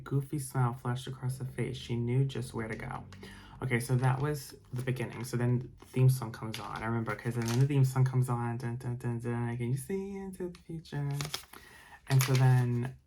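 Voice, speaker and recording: A man's voice: medium pitch, creaky, darkish tone, slight background noise, poor audio. A man reading a storybook aloud for ASMR bedtime listening, with chatty, rambling asides. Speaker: storybook reader.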